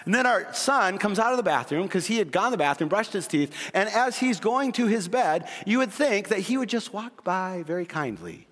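Middle-aged guy preaching a sermon, high voice, storytelling then quiet and earnest, big echoey church hall. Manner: storytelling, shifting from quick excited retelling to quiet earnest pleading. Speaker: pastor. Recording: long reverb of a church hall.

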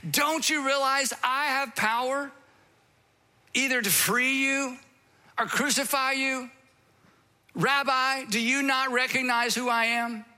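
A man's voice: very high-pitched, steady tone, pushed and bright, voice pushed up, exaggerated voice. A man voicing an exasperated, proud Roman governor who fires off insistent questions. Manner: insistent, rapid-fire questions.

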